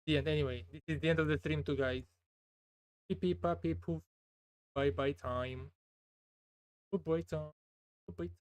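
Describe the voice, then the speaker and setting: A woman's voice: low voice, fairly even intonation, moderate pace, long pauses, a little mellow, dry recording. A woman streamer chatting casually and bluntly, giving terse answers and laughing as she talks. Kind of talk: casual live-stream chat.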